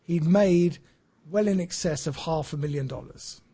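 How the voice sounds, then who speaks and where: Husky man telling a story. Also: on the high side, moderate pace, mellow. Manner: chatty, laughs at his own jokes. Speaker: podcast co-host, storyteller. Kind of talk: casual podcast storytelling.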